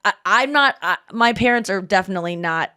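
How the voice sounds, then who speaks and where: A woman's voice: mid-range voice, expressive, fairly quick, bright, forceful tone, clean tone. Chatty woman podcast host. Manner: chatty, self-deprecating storytelling. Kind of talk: casual chat.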